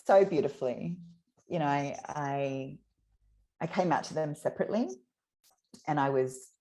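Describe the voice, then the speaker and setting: A woman, reflecting candidly in an interview, often pausing and restarting her sentences. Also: low-pitched, warm tone. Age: 30s. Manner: reflective, halting, with many restarts.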